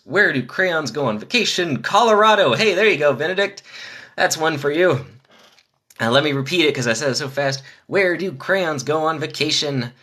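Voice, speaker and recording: A man on a casual live stream, reading dad jokes in quick succession and chatting with viewers between them. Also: medium pitch, sharp tone. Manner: rapid-fire jokes with chatty asides to viewers.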